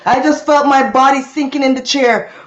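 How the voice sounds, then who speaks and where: A woman hosting a livestream, telling a story to her chat in an animated, expressive way with sound effects. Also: high voice, normal speed, lo-fi sound. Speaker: livestream host. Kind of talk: casual storytelling to a live chat.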